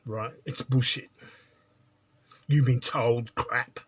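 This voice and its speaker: Man, spiritual teacher, blunt lecturing monologue, mid-pitched voice. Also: fairly even intonation, slow, husky. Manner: blunt, lecturing, repeats "right?".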